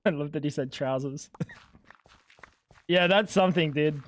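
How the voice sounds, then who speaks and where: A man's voice: a little high, measured pace. An Australian man streaming a game, bantering casually with friends, swearing a lot and joking with mock indignation.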